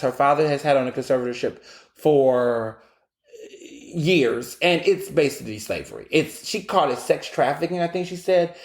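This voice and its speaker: Man, podcast host, blunt, sassy, profane, mid-pitched, echoey room sound. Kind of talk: casual opinionated commentary. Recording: roomy echo.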